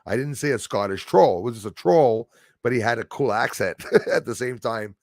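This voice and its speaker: Gravelly man rambling on a live stream. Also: medium pitch, moderate pace, a little mellow, no room sound, studio quality. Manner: rambling, hesitant, many fillers and restarts. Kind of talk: casual live stream chat.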